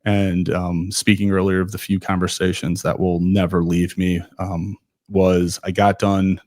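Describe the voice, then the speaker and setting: A man in his forties with a fairly low voice tells his story in a relaxed, conversational way, now and then slipping into the voices of people he quotes. The sound is dry and close, with almost no room. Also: unhurried, no room sound. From Ohio. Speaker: podcast guest, former runner. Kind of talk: casual storytelling interview.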